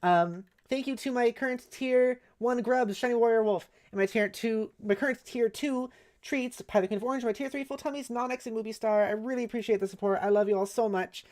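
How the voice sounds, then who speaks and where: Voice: mid-range voice, a little fast, a little mellow. Streamer reading aloud with jokey asides. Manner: reads text aloud with joking asides; chatty, swears casually. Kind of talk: casual live-stream read-through.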